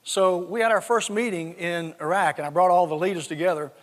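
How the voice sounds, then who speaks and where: A Southern-accented man in his sixties gives a keynote full of folksy jokes. He often repeats a word as he starts a thought. His voice sits high for a man and carries a long reverb from a big hall. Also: fairly even intonation, a little fast. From South Georgia, USA. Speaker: conference speaker. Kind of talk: storytelling keynote speech. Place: large conference hall.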